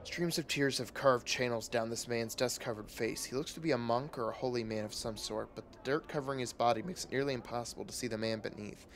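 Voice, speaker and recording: A man streaming a game who reads its text aloud in a steady, measured way. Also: medium pitch, a little hiss or hum.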